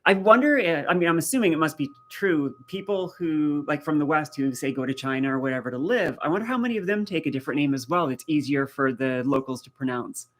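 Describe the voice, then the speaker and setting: A man's voice: fairly high pitch, lively intonation, fast talker, hardly any pauses. Chatty man hosting a live stream. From rural east coast of Canada. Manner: chatty, tells stories and answers viewer comments. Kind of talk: casual live-stream chat.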